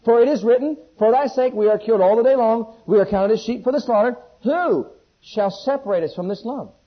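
A man preaching a sermon, shifting between loud, ringing scripture questions and hushed, intimate pleading, with questions put to the congregation. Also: very high-pitched, fairly quick. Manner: call-and-response questions to the congregation. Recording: dull, lo-fi sermon recording.

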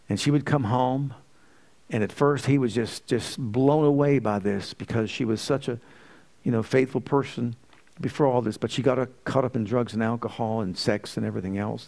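A male preacher telling a long story in church, with a middle-pitched voice. He speaks plainly through the story, then climbs into loud, high, fervent tones when he acts out the prayers. The delivery is that of a sermon. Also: vocal fry.

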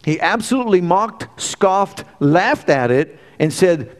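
Man, middle-aged, preacher, sermon, fairly high pitch, emphatic, rhetorical questions, loud-to-hushed swings. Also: expressive, measured pace, few pauses.

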